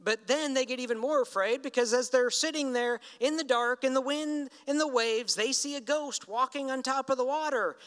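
A man's voice: very high voice, moderate pace, few pauses, fairly bright tone. A man preaching a sermon in a conversational storytelling way, acting out the lines he quotes. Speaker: pastor. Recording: reverberant hall.

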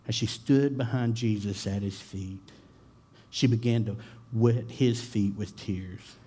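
A man's voice: medium pitch, mellow. A man giving a sermon, talking in a casual, conversational way with frequent fillers and repeated starts. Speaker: pastor.

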